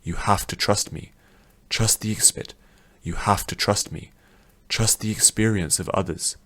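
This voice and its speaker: A calm, patient old man who reasons steadily with others, as a man reads him. The voice is very low and even. Storybook audiobook delivery. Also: unhurried.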